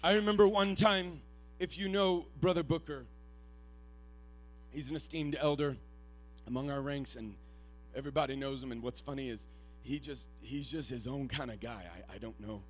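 A man preaching a sermon. He is earnest and self-deprecating, and he swings from hushed, halting storytelling to loud, shouted exhortation. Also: medium pitch, slight background noise.

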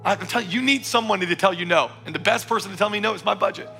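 A male pastor preaching with fervent, emphatic urgency, his voice sitting a little high and ringing forceful and sharp. He drives his points home with repeated exhortations to the congregation. Faint music plays underneath. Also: rapid-fire, creaky. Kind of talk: sermon. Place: church service.

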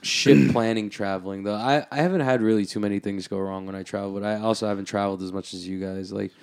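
Gravelly low guy, blunt, teasing, swears a lot. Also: fairly even intonation, fast talker, darkish tone. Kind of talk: casual chat.

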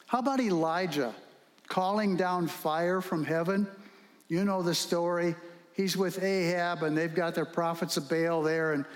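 Brief: male pastor, high voice, lively storytelling sermon, long hall reverb. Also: measured pace. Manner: animated storytelling with rhetorical questions.

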